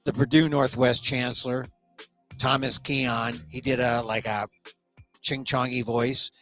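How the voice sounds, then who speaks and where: A middle-aged American man hosts a small talk show, delivering a sarcastic comedic monologue with quick restarts. His voice is medium-pitched, level in tone and a bit bright, with soft background music playing.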